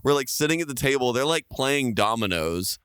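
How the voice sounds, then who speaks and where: A man's voice: mid-range voice, expressive, brisk, fairly bright tone, clean tone, no echo, clean studio sound. A man co-hosting a podcast, telling stories in a laid-back way and laughing often. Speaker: podcast co-host. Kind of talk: casual podcast chat.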